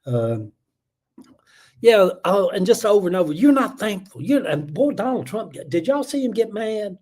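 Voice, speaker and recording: A man's voice: high-pitched, sing-song, normal speed, mellow. A middle-aged man from Atlanta with a Southern accent, hosting a casual livestream and ranting in a rambling, heated way full of fillers and chuckles. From Atlanta, USA. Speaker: livestream host. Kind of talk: casual political rant.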